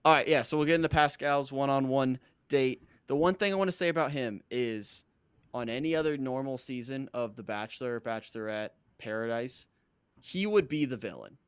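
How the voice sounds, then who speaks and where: A man's voice: medium pitch, normal speed, clear, resonant tone, dry recording. A man co-hosting a podcast, recapping a reality dating show in casual, joking chat and laughing often. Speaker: podcast co-host.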